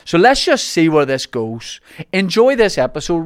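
Joking podcast host. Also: male voice, high voice, big pitch swings, clear, resonant tone, no echo, clean studio sound. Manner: jokey, teasing, quick asides. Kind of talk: casual podcast banter.

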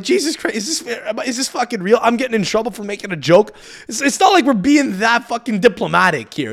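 A young man hosting a podcast, telling a story as a profane, animated rant that swings between loud outbursts and muttered asides. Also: high-pitched. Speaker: podcast host. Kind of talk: ranting storytelling monologue.

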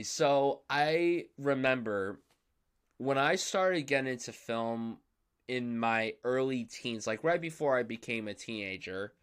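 A man's voice: mid-range voice, a bit bright, clear, resonant tone. A young man hosting a podcast, talking through films in an enthusiastic, emphatic, casual way. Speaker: podcast host. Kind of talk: casual film discussion.

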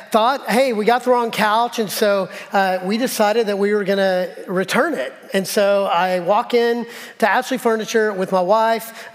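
Pastor, man, middle-aged, higher voice; conversational sermon, acts out stories; long church reverb. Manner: conversational, self-deprecating, acts out dialogue. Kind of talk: sermon with personal storytelling. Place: church sanctuary.

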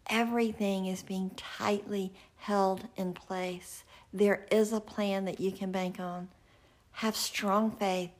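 Woman, gravelly and husky, earnest devotional teacher who drops to whispers. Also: mid-range voice. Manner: earnest, slips into soft whispers. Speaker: Christian speaker.

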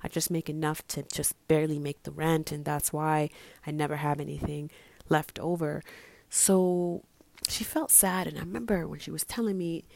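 A woman with a low, gravelly voice tells a friend's story in a casual, chatty way. She acts out the quoted lines as she goes. The sound is dry and close. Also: fairly even intonation, normal speed, darkish tone, no echo.

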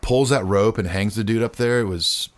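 A man's voice: lowish voice, normal speed, dry recording. A man co-hosting a podcast in casual chat, enthusiastic and rambling, going off on tangents. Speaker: podcast co-host.

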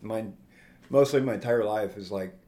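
A man's voice: on the low side, normal speed, warm tone. A man in his forties, a guest telling a personal testimony in a plainspoken, rambling way, with restarts and quoted dialogue.

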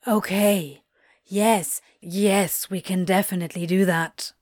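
A woman voicing a wry but tender male demon in an audiobook reading, speaking low and hushed. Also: fairly even intonation, slow, dry recording, clean studio sound. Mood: tender, flustered.

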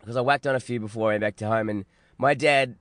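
A man's voice: mid-range voice, steady tone, fast talker, dry recording, studio quality. A man co-hosting a comedy podcast, sick with a lung infection, joking and swearing as he chats. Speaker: podcast co-host. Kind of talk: casual comedy podcast chat. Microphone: close podcast mic in a booth.

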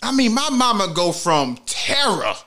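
A man's voice: high-pitched, very animated, a little slow, sharp tone. A man hosting a comedic commentary vlog, ranting with heavy profanity and mock outrage. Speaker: commentary host.

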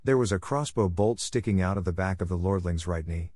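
A man narrating a fantasy audiobook in an even, measured reading. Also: sits low, no echo, studio quality.

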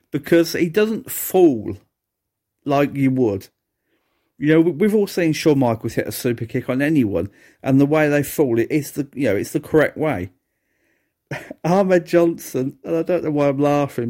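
Slow, mellow-voiced man reviewing wrestling. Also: medium pitch. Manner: sardonic, exasperated, laughs at the awful match. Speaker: wrestling review podcast host. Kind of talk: casual solo review commentary.

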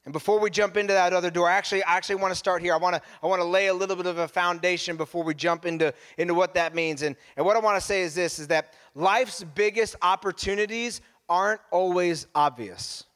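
Male pastor with a higher voice, preaching in a laid-back conversational way. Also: quick pace, hardly any pauses, a bit bright. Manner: casual, conversational preaching with repeated restarts. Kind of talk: sermon.

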